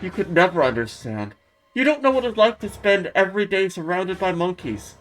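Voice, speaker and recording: A woman's voice: fairly low pitch, lively intonation, normal speed, lightly acted, rough recording. A woman voicing a pompous, condescending man who holds a girl captive, mocking and scolding her as she reads a visual novel aloud. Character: pompous condescending male captor, adult. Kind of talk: dramatic reading of a visual novel.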